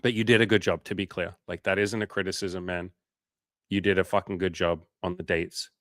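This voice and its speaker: A man's voice: low-pitched, flat delivery, a little fast, fairly bright tone, no echo, studio quality. A man hosting a coaching livestream in casual chat. He reads out viewer comments and answers them with blunt, profane, frank advice.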